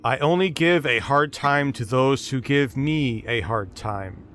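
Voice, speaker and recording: A man voicing an ancient gold dragon that is formal, measured and wary, in a tabletop game. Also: mid-range voice, fairly bright tone, a little hiss or hum, natural voice. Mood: guarded.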